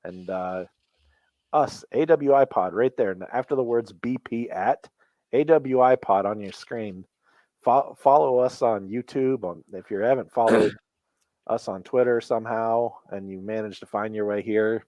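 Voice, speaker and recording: A man's voice: on the low side, unhurried, darkish tone, no echo, lo-fi sound. A man co-hosting a casual wrestling podcast, laid-back and chuckling between remarks. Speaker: podcast co-host. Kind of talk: casual chat.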